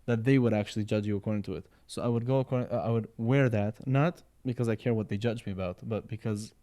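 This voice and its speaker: Speaking quickly in a warm, lowish voice, a Sephardi man rambles through casual podcast talk. Words get repeated, and he regularly checks in with "you know" and "right?"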